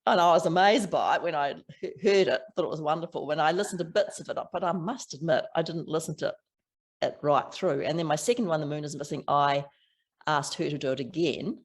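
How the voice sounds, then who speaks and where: Older New Zealand woman, gravelly voice. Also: low voice, a little fast. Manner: chatty, laughing, many restarts. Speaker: author guest. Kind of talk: casual interview chat.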